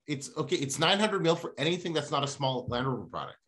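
A man hosting a casual car podcast, talking in an animated, ranting way. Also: a little high, fast talker.

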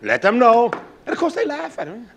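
A man preaching a sermon, emphatic and rising at times to shouts. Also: very high-pitched, wildly swooping pitch, a little fast, slight background noise.

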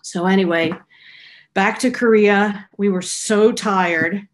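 A middle-aged woman researcher, being interviewed, casually shares a personal anecdote with a few small restarts. Her voice is medium-pitched and her pace slow.

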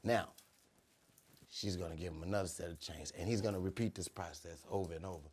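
A young man telling comedic stories on a podcast, animated and slipping into character voices. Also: sits low, a little fast, slightly rough. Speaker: podcast host. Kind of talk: comedic storytelling.

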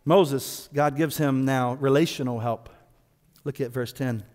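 A man preaching a sermon as pastor, animated and playful, slipping into casual voiced asides. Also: medium pitch, measured pace, big-room sound. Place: church sanctuary.

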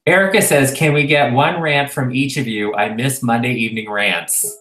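Speaking at a normal speed, this podcast co-host has a mid-range, fairly bright voice. He chats casually on a talk show, rambling and using lots of fillers, and the recording carries a roomy echo.

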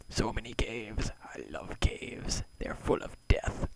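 A man talking to himself in deadpan, mock-solemn mutters and half-whispers while playing a video game. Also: lowish voice, slow, gravelly, rough recording. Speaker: gamer playing a block-building game.

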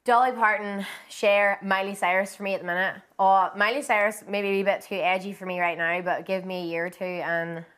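A woman's voice: mid-range voice, little pitch movement, brisk, hardly any pauses, a bit bright. Bubbly young Northern Irish woman. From Derry, Northern Ireland. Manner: bubbly, giggly, chatty. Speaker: singer guest. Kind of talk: casual interview chat.

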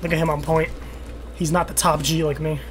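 A young man streaming a team shooter game, trash-talking his friend with crude jokes and sudden excited yells. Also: on the high side, fairly quick, background noise. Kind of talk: casual gaming chat.

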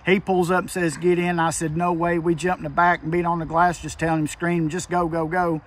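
A man recounts a hunting trip in plain rural dialect, tense and emphatic throughout. His voice sits high for a man, and it is caught slightly off-mic, a little distant, like a recorded phone call. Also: flat delivery, fast. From Kentucky. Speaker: hunter telling an encounter. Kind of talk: casual storytelling.

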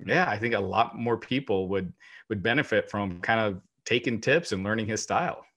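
A man's voice: on the low side, normal speed, fairly bright tone. Enthusiastic male podcast co-host. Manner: enthusiastic, emphatic praise with laughs. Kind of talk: casual chat.

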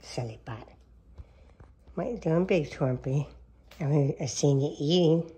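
At home at a table with coffee, a woman films her cats and talks baby talk to them in a deep, unhurried, mellow voice that's slightly rough. She coos and sometimes whispers in a sing-song way.

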